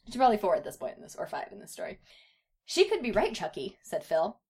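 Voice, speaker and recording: With wildly swooping pitch and a fairly quick delivery, a comedy podcast host reads a fan fiction story aloud. Her put-on high voices for the babies keep her laughing.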